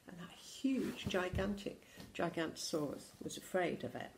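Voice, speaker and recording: A woman teacher reading a picture book aloud to young children, with slow hushed asides about the pictures. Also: medium pitch, lively intonation, vocal fry, slight background noise. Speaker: infant school teacher.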